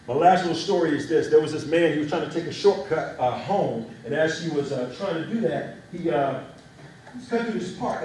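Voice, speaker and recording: High-voiced man speaking in an echoey hall. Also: a little hiss or hum. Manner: animated storyteller. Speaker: youth speaker. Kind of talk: motivational speech. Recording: echoey hall, mic far off.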